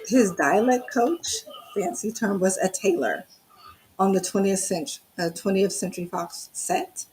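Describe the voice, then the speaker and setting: A woman's voice: mid-range voice, normal speed, darkish tone, low-quality recording. Chatty woman giving movie commentary. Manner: chatty, laughs often. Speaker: watch party co-host. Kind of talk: casual movie commentary chat.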